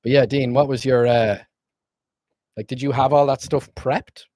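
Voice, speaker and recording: A man's voice: mid-range voice, steady tone, normal speed, mellow, no room sound. A man streaming as game master, wrapping up a tabletop session in loose, rambling casual chat with frequent swearing.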